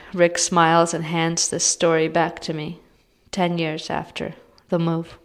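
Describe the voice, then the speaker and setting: Slow, low-voiced woman reading her story. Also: monotone, clear, resonant tone. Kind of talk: reading a short story aloud.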